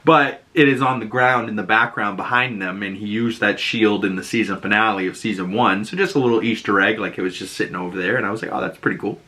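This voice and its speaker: A man's voice: on the low side, fast, few pauses, sharp tone. A man with a Boston accent, casually recapping a show episode in a rambling, chatty way, often laughing and leaning on "like" and "you know".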